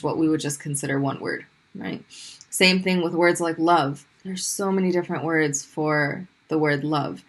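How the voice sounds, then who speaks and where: A woman teaching a language lesson, patiently explaining letters and slowly repeating sounds for students to copy. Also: sits low, a bit bright. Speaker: Arabic teacher. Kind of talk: classroom lesson explaining pronunciation.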